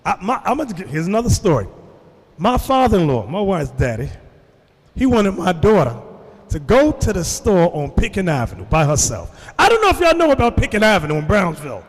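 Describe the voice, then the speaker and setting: A man's voice: sits high, sing-song, brisk, big-room sound. A man preaching to a congregation, telling stories and addressing the room directly. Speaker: religious teacher. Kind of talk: sermon to a congregation.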